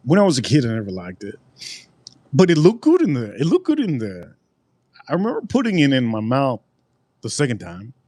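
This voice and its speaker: A man's voice: mid-range voice, huge pitch swings, brisk, long pauses, a little mellow, no room sound, clean studio sound. A man rambling through a casual live-stream food review, repeating himself and answering his chat. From United States.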